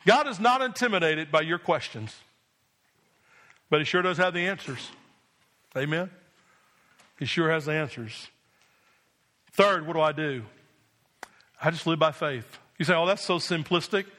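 High, bright-voiced preacher man. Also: lively intonation, unhurried, pauses often. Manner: emphatic preaching with repeated call-and-response "Amen?". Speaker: pastor. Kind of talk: sermon.

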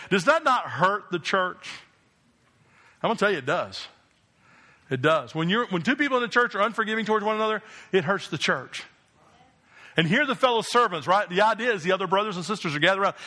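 A man's voice: high voice, bright, forceful tone. A man from New Jersey preaching a sermon as pastor, emphatic and asking the congregation rhetorical questions.

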